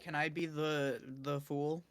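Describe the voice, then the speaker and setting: A woman's voice: low-pitched, level tone, unhurried, a little hiss or hum. A woman chatting playfully with a friend's livestream. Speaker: friend on the stream call. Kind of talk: casual chat.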